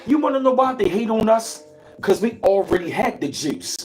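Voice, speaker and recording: A man's voice: sits high, very animated, moderate pace, faint music behind. A man hosting a livestream. He gives a casual, preachy motivational talk, greets his chat and repeats his points. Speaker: livestream host.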